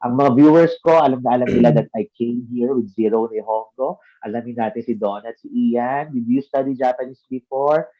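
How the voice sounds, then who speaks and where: A man's voice: mid-range voice, brisk, mellow. A Filipino man with a Filipino accent hosting a casual chat, mixing Tagalog and English and tagging sentences with "no?". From Philippines. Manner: conversational, mixing Tagalog and English, frequent "no?" tags. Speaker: vlog host and ALT teacher. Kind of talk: casual Taglish panel chat. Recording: dull lo-fi audio.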